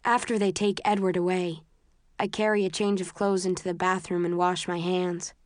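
A woman narrating a story in the first person, in a measured, tense, understated way, close to the mic. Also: on the low side, little pitch movement, dry recording. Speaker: audiobook narrator.

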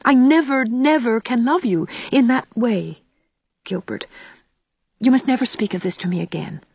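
A woman's voice: fairly high pitch, normal speed, vocal fry, a little mellow, breathy edge, no room sound, pitched above the performer's own voice. A woman voicing a pleading young woman. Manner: pleading, breathless, sometimes whispered. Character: earnest, emotional young woman student.

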